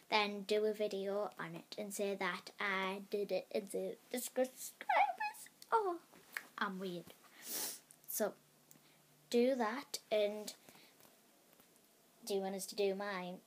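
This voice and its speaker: A woman's voice: mid-range voice, a little slow, long pauses. A woman vlogging casually to camera, hesitant and rambling, often dropping to a whisper.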